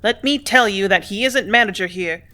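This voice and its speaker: A woman voicing a loud bullying factory boss. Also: mid-range voice, moderate pace, natural voice. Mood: blustering. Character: blustering gruff male factory superintendent.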